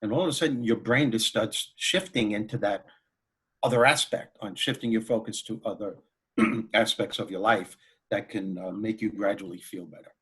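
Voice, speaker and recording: A man who is a comedian and motivational speaker, telling anecdotes as a guest in an interview in an animated way. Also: lowish voice, normal speed, slightly rough. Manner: animated, anecdotal, laughs while telling stories. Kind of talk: storytelling in an interview.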